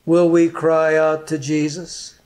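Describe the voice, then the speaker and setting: A middle-aged man preaching a sermon as a pastor, earnest and emotional, with long pauses. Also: fairly high pitch, monotone, darkish tone.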